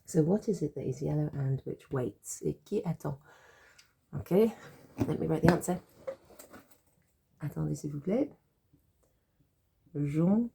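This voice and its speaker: A woman with a sore throat, teaching French by patiently explaining silly jokes and repeating each word slowly. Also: low voice, vocal fry, warm tone, slight background noise.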